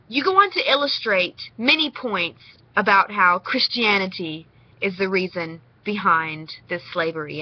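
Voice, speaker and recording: A woman's voice: on the low side, dry recording, muffled recording. A young woman from Tennessee with a Southern accent, rambling casually as she talks straight to the camera in a response vlog. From Nashville, Tennessee. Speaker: vlogger.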